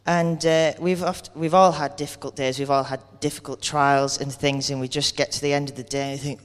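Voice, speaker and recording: A man's voice: fairly high pitch, level tone, a little fast, clean tone. A man giving an earnest, conversational sermon, speaking candidly and acting out everyday complaints. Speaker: preacher. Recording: long hall reverb.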